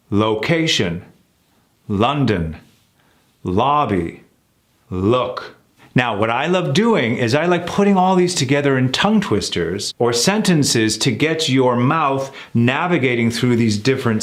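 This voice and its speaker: A man teaching pronunciation, exaggerating his sounds as he drills words and encourages viewers. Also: mid-range voice. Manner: encouraging, direct address to viewers. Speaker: accent coach. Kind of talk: pronunciation lesson.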